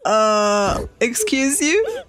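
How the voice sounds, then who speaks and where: A woman's voice: fairly high pitch, very animated, very slow, fairly bright tone, a little hiss or hum. A woman streamer reacting to a video, laughing often and exclaiming in disbelief. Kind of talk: casual reaction commentary.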